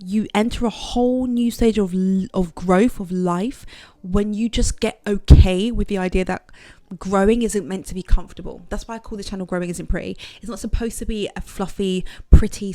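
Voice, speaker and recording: A young adult woman talking frankly and casually in a motivational vlog, animated and not shy of swearing. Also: mid-range voice, no echo. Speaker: vlogger. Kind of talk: candid motivational vlog talk.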